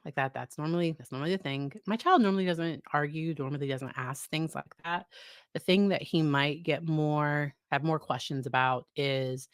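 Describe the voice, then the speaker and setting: A woman's voice: low-pitched, normal speed, dry recording, studio quality. A woman psychologist talking casually about parenting, often laughing and acting out exchanges with her child. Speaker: psychologist host. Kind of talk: casual educational talk.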